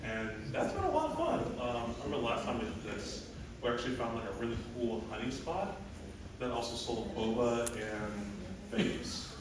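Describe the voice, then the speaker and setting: A man bantering between songs at a live show, his voice swinging up and down as he jokes and swears his way through stories. He sounds like he's picked up from a distance, with heavy echo from the hall and clear noise around him. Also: mid-range voice, normal speed. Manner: loose, joking, profane, animated storytelling. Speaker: musician performing a live set. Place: live music hall stage. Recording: echoey live hall, distant mic, noisy.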